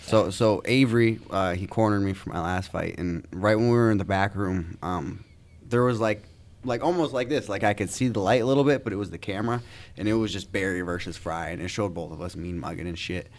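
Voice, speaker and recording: A man's voice: deep voice, a little fast. A man who fights MMA, telling rambling, profane stories in casual podcast chat. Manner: profane, rambling anecdotes with many fillers.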